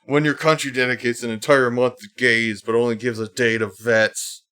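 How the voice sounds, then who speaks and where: A man's voice: medium pitch, level tone, normal speed, bright, forceful tone, clean tone. A man hosting a casual livestream, reading posts aloud and mocking them in a sarcastic, rambling way, with many fillers and restarts. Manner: sarcastic, reads posts aloud and mocks them in put-on whiny voices. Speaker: livestream host.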